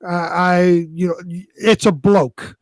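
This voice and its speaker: A man's voice: high-pitched, flat delivery, slow pace, no echo. A man co-hosting a casual chat who keeps asking puzzled questions. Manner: puzzled, asks many questions. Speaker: co-host.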